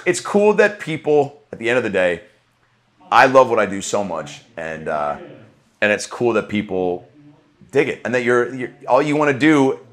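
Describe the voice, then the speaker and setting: An earnest man reflects out loud as he hosts his own podcast, often restarting his sentences and swearing casually. His voice sits at an ordinary middle pitch for a man. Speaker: podcast host. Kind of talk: casual solo recap.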